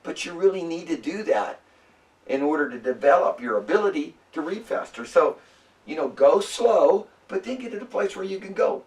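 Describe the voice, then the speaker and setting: A man teaching a class in a casual, halting way, with many fillers and restarts. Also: fairly high pitch, lively intonation, darkish tone, distant mic. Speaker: Bible language teacher. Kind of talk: classroom lecture.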